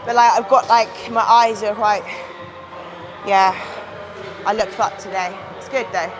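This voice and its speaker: A woman's voice: medium pitch, steady tone, measured pace, poor audio. A young woman chatting candidly and swearing casually as she walks through gym exercises in a vlog. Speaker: bodybuilding competitor. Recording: music playing behind.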